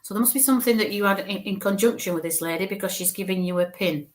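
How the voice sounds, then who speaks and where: A woman giving a live mediumship reading in a mid-pitched voice. She chats and reassures as she goes. She thinks aloud, sprinkling in "okay" and "bless you" as she passes messages on. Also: quick pace. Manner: thinks aloud while relaying spirit messages. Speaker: spirit medium.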